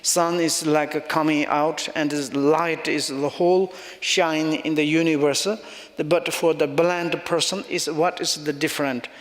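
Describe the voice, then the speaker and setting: A male Buddhist teacher giving a dharma talk in halting non-native English with loose phrasing, chuckling often as he explains. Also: on the high side, fairly bright tone. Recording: long reverb of a large hall.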